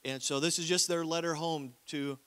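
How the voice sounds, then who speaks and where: A man's voice: on the high side, steady tone, normal speed, a bit bright, smooth. A man from Minnesota, an evangelist preaching a sermon in a conversational way, often calling out for amens. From Minnesota, USA. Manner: conversational preaching with frequent call-outs for amen.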